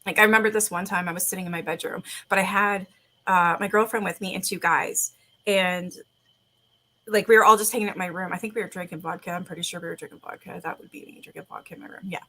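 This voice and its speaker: A woman's voice: fairly low pitch, fairly even intonation, fast talker, bright, forceful tone. A young woman telling ghost stories to her live chat in a rambling, casual way, full of fillers and restarts. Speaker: livestream host.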